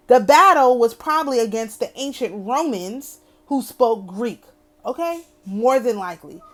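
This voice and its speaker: A woman hosting an astrology channel. She reads a text aloud and keeps breaking off for wry, opinionated asides, often asking "okay?". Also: a little high. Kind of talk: reading a text aloud with commentary.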